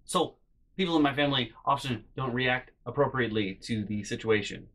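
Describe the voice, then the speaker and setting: A young man telling comedic personal stories in a rambling, animated way, with loud acted-out outbursts. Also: medium pitch, a little fast. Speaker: storytelling vlogger.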